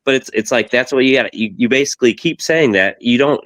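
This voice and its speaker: A man's voice: mid-range voice, fast, fairly bright tone, no echo. A man co-hosting a sports podcast, chatting casually and rambling through analogies. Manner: rambling, uses analogies, many "it's like". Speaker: podcast co-host.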